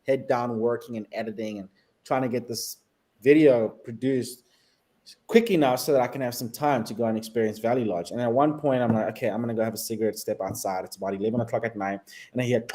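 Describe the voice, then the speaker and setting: A man from South Africa, a guest on a travel talk show, telling animated stories and laughing often. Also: medium pitch, a little fast, poor audio. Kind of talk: casual travel chat.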